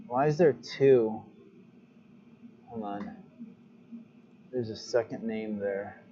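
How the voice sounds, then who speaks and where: A man's voice: lowish voice, slow, mellow, dull audio, a little hiss or hum. A man chatting casually during his own live stream as a glassblower, thinking aloud while he adjusts his stream settings. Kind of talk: casual livestream chat.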